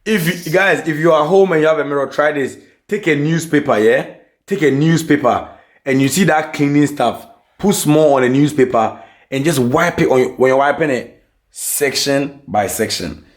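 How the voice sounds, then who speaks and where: A man's voice: a little high, moderate pace. A man chatting playfully in a casual home DIY vlog, teasing and joking. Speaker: vlogger. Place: home room. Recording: echoey room.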